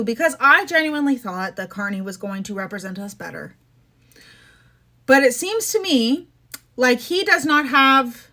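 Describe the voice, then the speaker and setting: A woman's voice: fairly high pitch, a bit bright. A young woman from Canada hosting a podcast, ranting casually about politics in an exasperated, sarcastic, chatty way. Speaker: podcast host.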